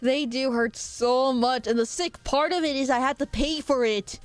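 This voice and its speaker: A young woman chats live with her viewers in a bright, higher voice that sits close and dry on the mic. She teases them playfully and fires off quick asides. Soft background music runs underneath. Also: fairly even intonation, dry recording. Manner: playful, teasing, quick asides and frequent laughter. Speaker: streamer. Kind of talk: casual live-stream chat reading viewer comments.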